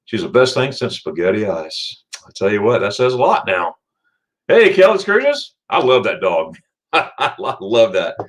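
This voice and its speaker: A middle-aged man from Florida hosting a casual livestream, chatting and greeting viewers by name with sudden excited jumps in pitch. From Florida, USA. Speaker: livestream host. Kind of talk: casual livestream chat reading viewer comments.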